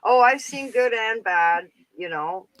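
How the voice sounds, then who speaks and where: A man's voice: high-pitched, lively intonation, unhurried, a bit bright, no echo, low-quality recording. A Canadian man in his fifties chatting casually as a caller, rambling with plenty of filler words. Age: 50s. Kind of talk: casual chat.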